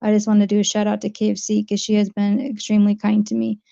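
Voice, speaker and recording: A woman's voice: medium pitch, monotone, fast, gravelly, warm tone, dull audio. A woman with a New Jersey accent, chatting casually on her livestream, rambling and answering viewer comments. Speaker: livestream host.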